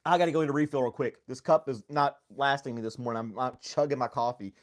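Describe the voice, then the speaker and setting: Man, casual podcast host, chatty, laughs a lot, mid-pitched voice, home studio. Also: steady tone, quick pace. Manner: chatty, laughs often, talks to his dog. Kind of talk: casual live-stream chat. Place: home studio with foam on walls.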